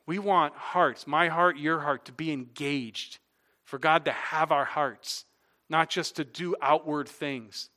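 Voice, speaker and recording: A male pastor delivers a sermon in a bright, clear voice pitched a little above the usual. He moves through everyday stories, leans hard on repeated key phrases, and ends by leading a prayer. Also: steady tone, slow. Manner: illustrative storytelling and emphatic repetition, closing in prayer.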